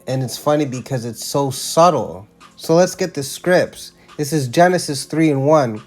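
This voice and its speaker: A man's voice: on the high side, animated, moderate pace, darkish tone, soft background music. Emphatic slangy man in casual commentary. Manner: emphatic, slangy, frequent restarts.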